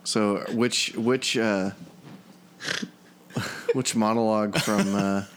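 A man's voice: fairly low pitch, fairly even intonation, extremely slow. A man on a casual podcast, hesitant and full of fillers as he tells a story. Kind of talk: casual chat.

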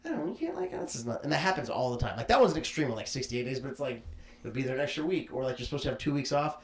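A young man talks quickly and loosely, stacking "like" and restarts as he rambles through a story. His voice sits at a middle pitch and carries a roomy echo from the space around him. He laughs easily between thoughts. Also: very animated. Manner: rambling, filler-heavy, laughs often. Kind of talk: casual podcast chat.

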